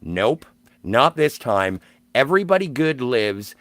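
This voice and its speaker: A man's voice: mid-range voice, big pitch swings, takes it slowly, fairly bright tone, no room sound. Emphatic man, dry close sound. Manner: emphatic and enthusiastic, swears freely. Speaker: podcast co-host. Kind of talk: casual film discussion.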